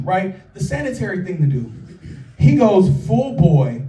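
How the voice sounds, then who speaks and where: A man from California doing a stand-up comedy set at a live show, telling stories in an animated, profane way. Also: high-pitched, moderate pace. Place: live show at a small local art venue. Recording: roomy, distant mic, audience laughter.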